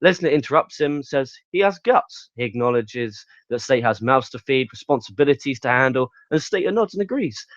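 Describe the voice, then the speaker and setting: A man's voice: medium pitch, animated, a little fast, hardly any pauses, no room sound, lo-fi sound. A man reviewing a wrestling show in casual solo commentary, talking bluntly and profanely with open exasperation.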